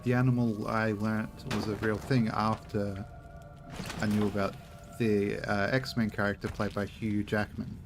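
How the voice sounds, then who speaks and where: A man's voice: lowish voice, flat delivery, measured pace, over music. A man giving casual, rambling commentary while playing a game, muttering to himself and making little sound-effect noises. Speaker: streamer.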